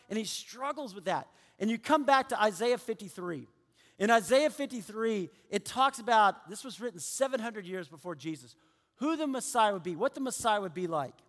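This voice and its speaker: Pastor guy preaching, lively, acts out what people say, goes quiet sometimes, big echoey church. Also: high voice. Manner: animated preaching, acts out quoted people, drops to hushed tones. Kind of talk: sermon. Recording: long hall reverb.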